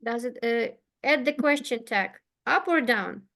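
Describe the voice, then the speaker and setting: A woman teaching an English lesson, speaking patiently and clearly. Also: a little high, a bit bright. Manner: patient, slow and clear, with frequent okays. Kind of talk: online one-to-one English lesson.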